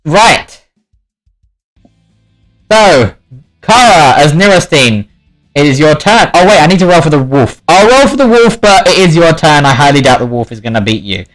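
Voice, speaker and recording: A man running a tabletop game as game master, animated and laughing often. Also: on the high side, moderate pace, long pauses, soft background music, poor audio. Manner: animated, laughs often, shouts in-character lines.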